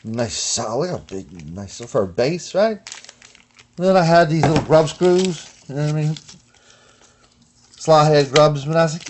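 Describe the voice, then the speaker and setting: A man's voice: a little high, big pitch swings, normal speed, darkish tone, a little hiss or hum. A man showing guitar parts in a casual workshop vlog, rambling and slangy, tagging lines with "you know what I mean" and "man". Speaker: guitar builder.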